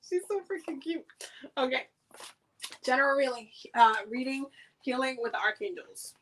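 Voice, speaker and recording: A woman with a high voice hosts a casual livestream oracle card reading. Her tone is bright and sharp. She chats loosely and slangily, looping back over her words as she goes. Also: expressive, unhurried, pauses often, a little hiss or hum, rough recording. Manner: chatty and loose, slangy, many fillers and repeats. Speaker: oracle card reader hosting a live reading. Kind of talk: casual livestream chat during card pulls.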